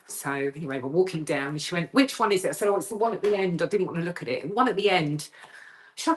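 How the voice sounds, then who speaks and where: Animated woman telling a ghost story. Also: fairly quick. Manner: lively storyteller who acts out quoted voices, rising high when frightened. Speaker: guest telling a haunting story.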